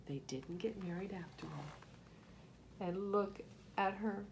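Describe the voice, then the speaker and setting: A woman reading a picture book aloud to young children, expressive and asking them questions. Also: medium pitch, slow pace, pauses often, slight background noise. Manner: expressive, gasps and asks the listeners questions. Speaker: children's story reader.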